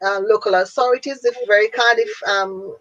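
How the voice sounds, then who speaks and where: A Jamaican woman in her fifties tells her career story as an interview guest, animated and laughing often. Her voice sits at a middling pitch. The sound is dull and lo-fi, like a remote call. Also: fairly quick. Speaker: guest, speaker and businesswoman. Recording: dull lo-fi audio.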